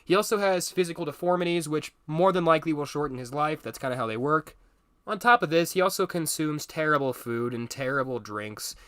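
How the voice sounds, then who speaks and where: Male commentary host, blunt and emphatic, bright tone, dry close sound. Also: fairly high pitch, brisk, dry recording. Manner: blunt and emphatic, repeats words for stress. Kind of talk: solo commentary monologue.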